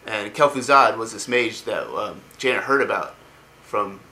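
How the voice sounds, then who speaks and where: A man's voice: on the low side, a little slow, sharp tone, slight background noise. A man casually retelling video game lore, rambling with lots of ums and likes. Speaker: lore explainer.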